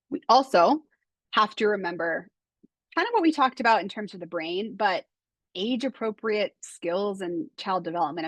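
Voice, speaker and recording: A young woman, an occupational therapist, giving a relaxed online talk to parents, full of fillers like "like" and "kind of". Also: mid-range voice, no room sound. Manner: conversational, many fillers like "like" and "kind of".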